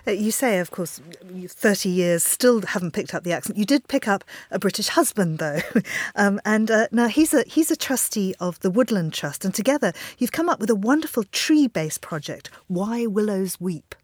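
A woman hosts an interview and puts questions in a curious, measured manner. Her voice sits at a mid pitch, and the recording is dry. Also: animated, no echo.

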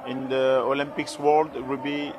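A hoarse man with a French accent answers questions at a busy event, talking haltingly with many fillers and restarts. His pitch sits in the middle range for a man. A loud crowd murmurs behind him the whole time. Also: little pitch movement. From France. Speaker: interviewee, former rugby player. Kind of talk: live interview.

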